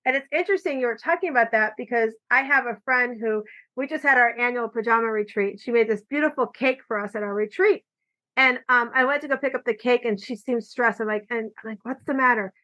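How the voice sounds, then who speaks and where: A woman hosting a podcast, chatting casually and telling animated stories, acting out quoted lines, recorded with muffled lo-fi audio. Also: on the high side, brisk. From California. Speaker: podcast host. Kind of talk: casual conversation. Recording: dull lo-fi audio.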